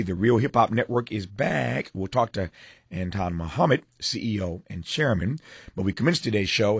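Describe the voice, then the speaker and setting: A middle-aged man hosting a live talk program, speaking in a measured, conversational way with frequent fillers. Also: lowish voice, slightly rough, dry recording, studio quality. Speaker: radio talk show host.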